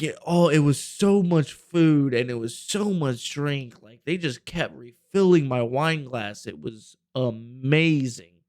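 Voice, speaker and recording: A man's voice: fairly high pitch, dry recording. A young man co-hosting a podcast, telling a long rambling story in casual chat, full of fillers and swearing. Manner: rambling, profane, filler-heavy. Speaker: podcast co-host.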